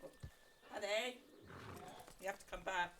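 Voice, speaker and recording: A woman's voice: medium pitch, measured pace, noisy background. A woman chatting casually off-mic with playful, teasing remarks. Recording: distant voice over loud music.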